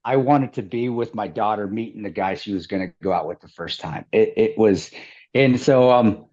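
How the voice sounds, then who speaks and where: A man's voice: fairly low pitch, normal speed, darkish tone, dull audio. A middle-aged man from the American Midwest, telling a story as an interview guest, rambling with restarts and laughter. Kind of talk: casual storytelling.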